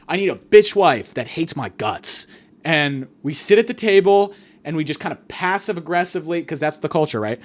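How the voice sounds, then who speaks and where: A man's voice: a little high, moderate pace. Rambling crude comedic man. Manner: rambling, crude, deadpan exaggeration with lots of fillers. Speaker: podcast host. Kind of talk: comedic monologue.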